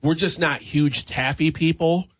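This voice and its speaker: A man's voice: a little high, fairly even intonation, unhurried, a bit bright, no echo. A man hosting a radio morning show in the studio, chatting casually and laughing easily while taste-testing candy. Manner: easygoing, chatty, laughs often. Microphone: studio microphone.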